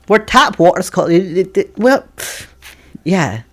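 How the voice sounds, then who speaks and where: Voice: mid-range voice, sing-song, normal speed, breathy edge. A streamer chatting casually with viewers from a computer desk at home, laughing often between remarks. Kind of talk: casual live-stream chat.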